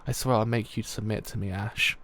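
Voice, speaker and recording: A man voicing a menacing, taunting older male army colonel while reading a comic aloud, in a low, soft, gloating tone. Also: steady tone, brisk.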